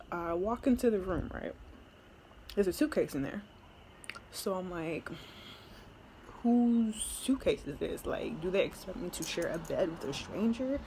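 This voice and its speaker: A woman's voice: fairly low pitch, a little hiss or hum. Chatty young woman telling a story. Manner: chatty, laughing, many "like" fillers. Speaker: military recruit vlogger. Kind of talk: casual storytime.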